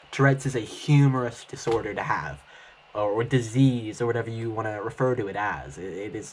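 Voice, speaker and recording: A man's voice: medium pitch, rough recording. Defensive, sarcastic man answering critics. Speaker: YouTuber reacting to critics. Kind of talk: reaction video commentary.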